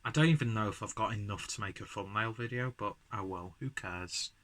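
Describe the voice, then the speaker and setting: A man's voice: fairly low pitch, fast talker, fairly bright tone. A man reviewing a beer at home in a casual vlog, rambling and self-deprecating, slightly buzzed from drinking. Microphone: camera mic, framed from chest up.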